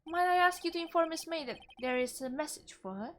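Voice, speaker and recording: A woman's voice: very high voice, animated, fast, pitched above the performer's own voice. A woman voicing a courteous young male hotel bellboy in a put-on British accent. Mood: polite. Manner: courteous, formal, deferential.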